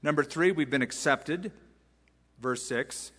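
Here a pastor with a fairly high, fairly bright voice preaches expository style, animated yet measured, pausing often. He speaks emphatically, tossing out rhetorical questions and side remarks. The setting is a large sanctuary, and the hall adds long reverb.

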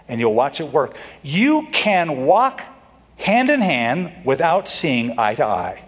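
A man preaching a sermon with an animated delivery, slipping into mock voices for quotes. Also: on the high side, normal speed. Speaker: pastor.

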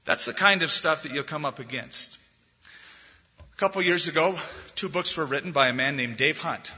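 Bright, husky-voiced man preaching in a hall. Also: fairly high pitch, moderate pace. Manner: animated storytelling, swelling loud on scripture quotes. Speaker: pastor. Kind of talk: sermon. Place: church sanctuary. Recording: dull lo-fi recording in a reverberant hall.

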